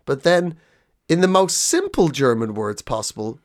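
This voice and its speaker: A man's voice: medium pitch, very animated, moderate pace. A man co-hosting a comedy podcast who tells stories in casual chat and acts out the people in them. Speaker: podcast co-host.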